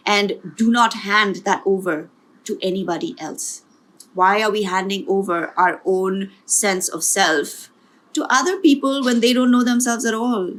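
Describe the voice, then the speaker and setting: A woman's voice: medium pitch, fairly even intonation, a little slow, fairly bright tone. A woman giving a tarot reading as a spiritual coach, speaking earnestly and encouragingly, often repeating herself and adding asides.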